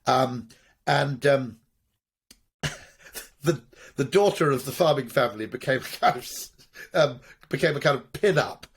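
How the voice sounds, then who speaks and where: A man's voice: medium pitch, measured pace, creaky, pauses often, husky. A middle-aged man answering interview questions, telling wry, rambling stories full of restarts and asides. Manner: discursive storytelling with frequent restarts and asides; wry, occasionally profane. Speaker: marketing executive guest.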